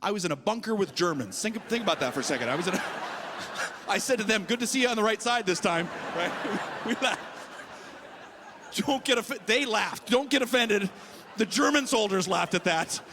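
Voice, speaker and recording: A man's voice: high-pitched, expressive, moderate pace, pauses often, long reverb tail, noisy background. A man from Canada doing live stand-up on a comedy festival stage, telling stories in a chatty way and often asking the crowd "right?".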